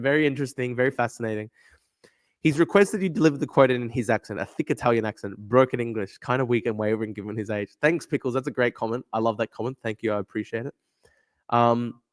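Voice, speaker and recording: A man's voice: mid-range voice, fast. A young man from Australia hosting a casual livestream, reading viewer comments aloud and rambling with frequent repeats. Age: young adult. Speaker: livestream host reading chat.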